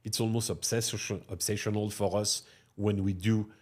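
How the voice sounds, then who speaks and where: A man's voice: on the low side, normal speed, slightly rough. A middle-aged man with a French accent, a restaurateur telling stories in an interview and tagging his sentences with "no?" and "huh?". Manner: animated, tags sentences with "no?" and "huh?". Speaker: restaurateur guest. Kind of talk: storytelling interview talk.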